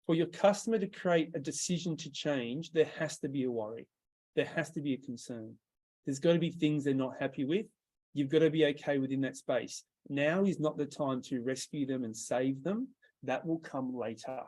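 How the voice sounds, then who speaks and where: A man's voice: medium pitch, normal speed, a little mellow. A man with an Australian accent coaching a sales workshop, direct and quizzing his group as he goes. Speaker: sales trainer.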